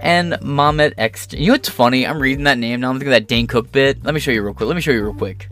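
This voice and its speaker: Man, commentary host, reads stories then rants, crude and scornful, mid pitch, soft music bed. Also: quick pace. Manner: profane, contemptuous, sarcastic. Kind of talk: angry reaction commentary, reading articles aloud.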